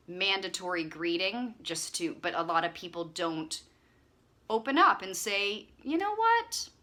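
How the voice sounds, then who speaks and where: A woman hosting her own channel, chatting casually to camera in a rambling, friendly way with lots of fillers. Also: fairly low pitch. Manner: chatty, warm-hearted rambling with frequent fillers. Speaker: channel host.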